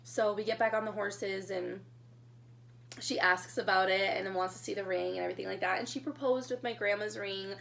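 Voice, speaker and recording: A young woman telling her engagement story in a casual storytime vlog, chatty and excitable, getting emotional as she talks. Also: medium pitch, normal speed, gravelly. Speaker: vlogger.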